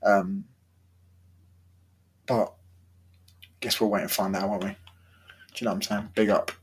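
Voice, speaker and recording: A man's voice: fairly low pitch, little pitch movement, a little slow, background noise. A young man chatting casually about football, full of slang and swearing, his throat sore. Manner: slangy, swearing, laid-back banter. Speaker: football vlogger.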